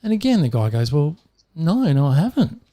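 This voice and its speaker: An Australian man co-hosting a podcast, telling jokes in a relaxed chatty way and breaking into laughter as he goes. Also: fairly high pitch, normal speed. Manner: animated storyteller who laughs mid-joke. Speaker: podcast co-host. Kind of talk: casual joke-telling chat.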